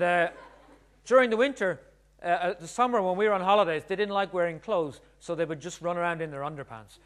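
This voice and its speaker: A man's voice: a little high, a bit bright. A middle-aged male author telling funny family stories to an audience, chatty and joking. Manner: chatty, joking, acts out voices. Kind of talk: humorous storytelling talk.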